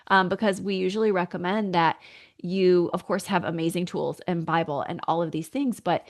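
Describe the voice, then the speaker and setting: A woman hosting a podcast on marriage, talking in a relaxed way and murmuring agreement while her guests speak. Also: fairly low pitch, moderate pace. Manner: affirming, many listening murmurs. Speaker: podcast host. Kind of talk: casual chat.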